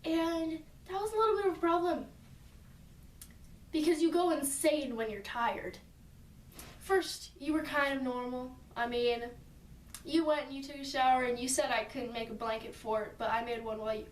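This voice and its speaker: Telling a story casually to a friend, a woman with a high-pitched voice chats at a moderate pace with fairly even intonation, stringing thoughts together through "like" and "and so" asides. The mic sits far off, giving a roomy sound with a little hiss or hum.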